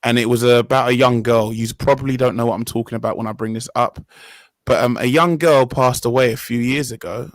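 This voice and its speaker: A young man hosts a casual podcast discussion in a medium-pitched, fairly even voice at a fairly quick pace. He's earnest and rambling, frequently correcting himself mid-sentence, and the recording is dry with poor audio.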